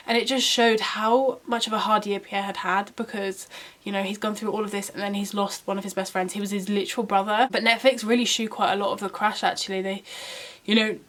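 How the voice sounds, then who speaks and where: A woman's voice: medium pitch, little pitch movement, brisk, fairly bright tone. Chatty young woman vlogger. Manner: chatty and emphatic, many "like" and "um" fillers. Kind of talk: casual opinion chat. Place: room at home.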